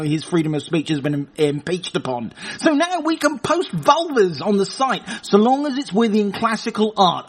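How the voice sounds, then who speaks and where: Husky man joking through the news. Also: sits high. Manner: crude, joking, rambling asides. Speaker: podcast host. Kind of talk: casual comic news chat.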